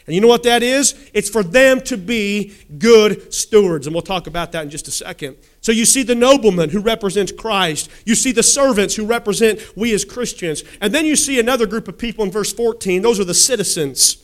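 Brief: high-pitched male preacher, emphatic sermon delivery, calls for amens. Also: fairly quick, hardly any pauses. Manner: emphatic, asks the congregation questions and calls for amens.

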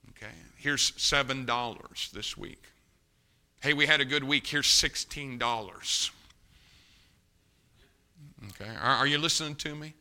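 An older man preaching a sermon as pastor, telling homey stories and building to loud, emphatic appeals. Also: mid-range voice, measured pace, pauses often. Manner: folksy storytelling, rising to loud emphatic preaching.

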